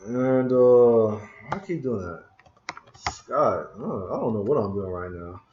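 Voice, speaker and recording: A man hosts a casual coding screencast, talking slowly and muttering to himself in frustration as he hunts for something. His voice sits in a roomy space and comes through a bit dull. Keyboard clicks and typing come and go behind him. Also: medium pitch, expressive, a little hiss or hum. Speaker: programming screencast host. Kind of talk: casual live coding talk. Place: room at a computer.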